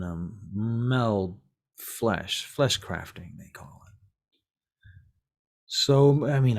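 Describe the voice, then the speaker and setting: A man's voice: lowish voice, darkish tone. A man doing an easygoing vampire occultist. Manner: easygoing, hesitant, drawn-out "um"s. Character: male occult musician vampire, calm and helpful. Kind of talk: tabletop role-play dialogue.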